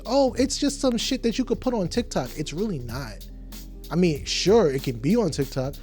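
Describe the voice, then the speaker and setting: A man's voice: medium pitch, a little mellow. A man hosting a podcast, delivering an emphatic, profane, heated opinion rant. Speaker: podcast host.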